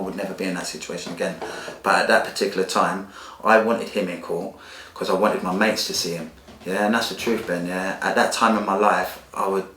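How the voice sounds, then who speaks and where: A man's voice: deep voice, a bit bright, a little hiss or hum. A man, telling his life story as a podcast guest in a blunt, emotional way with street slang. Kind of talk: candid personal storytelling. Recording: echoey room.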